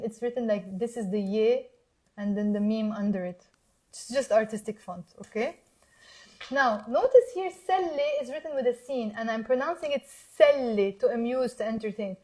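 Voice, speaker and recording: A woman from Lebanon with a Lebanese accent, teaching Arabic phrases in English and patiently repeating words slowly for learners. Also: on the high side, darkish tone. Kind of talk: language lesson.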